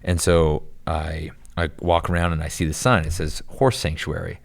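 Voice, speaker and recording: A young man with a very low voice tells a story on a podcast. He talks casually and rambles, stacking fillers and retelling what people said. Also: normal speed, vocal fry. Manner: rambling, animated storytelling with lots of "like" and "dude". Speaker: podcast guest.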